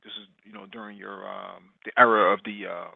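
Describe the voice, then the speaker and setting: A man with a lowish voice tells a work story in casual chat, stopping often to search for words. His audio is thin and tinny, like a phone line, with no room sound. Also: steady tone, vocal fry, breathy edge, no room sound. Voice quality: halting, many fillers and restarts. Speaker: podcast guest.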